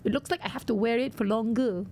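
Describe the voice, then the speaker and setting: A woman's voice: fairly high pitch, quick pace, a little mellow, slight background noise. A woman live-streaming a video game, chatting playfully and reacting to her viewers' messages.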